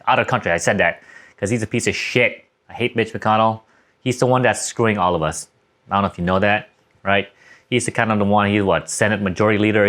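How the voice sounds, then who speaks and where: Young guy ranting casually to his camera, lowish voice, wanders off topic and swears a lot. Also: fairly bright tone. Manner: rambling, profane, talks off the cuff. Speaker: vlogger. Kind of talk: casual rambling rant to camera.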